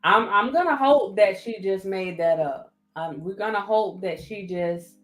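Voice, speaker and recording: A livestream host with a Southern US accent and a mid-range voice speaks at a measured pace. She reads viewer comments and thanks people by name again and again, with echo and faint music in the background.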